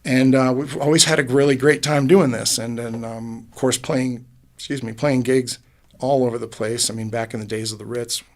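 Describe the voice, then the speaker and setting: Gravelly-voiced musician telling his story. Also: medium pitch, steady tone, moderate pace. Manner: earnest, rambling storyteller with many restarts and fillers. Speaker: musician guest. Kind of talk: casual interview. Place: podcast booth.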